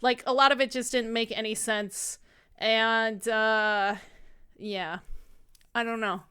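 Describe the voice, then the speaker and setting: A woman's voice: fairly high pitch, steady tone, pushed and bright, clear, resonant tone. A woman in her thirties with a subtle lisp, co-hosting a casual gaming podcast and swearing freely. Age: 30s. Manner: swears freely, fast filler-heavy talk. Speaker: podcast co-host.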